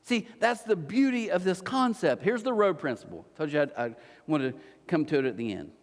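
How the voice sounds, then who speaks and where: In a reverberant, large church hall, a pastor delivers an energetic, story-driven sermon, voicing the characters he describes. His pitch is fairly high and his pace a little quick.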